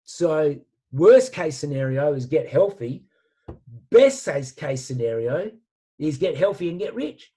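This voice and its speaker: Man, motivational talk, animated, slangy, fairly high voice. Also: a little slow, husky. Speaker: guest speaker.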